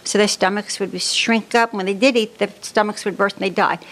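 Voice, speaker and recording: Speaking fairly quickly in a medium-pitched, fairly bright voice with fairly even intonation, a German-born woman in her seventies tells her life story unhurriedly as an interview guest. She grew up in the Bronx, New York.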